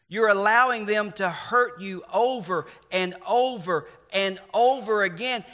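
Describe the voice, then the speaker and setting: High bright-voiced male preacher. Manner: earnest preaching with slow emphatic stresses and repetition. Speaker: pastor. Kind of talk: sermon. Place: church.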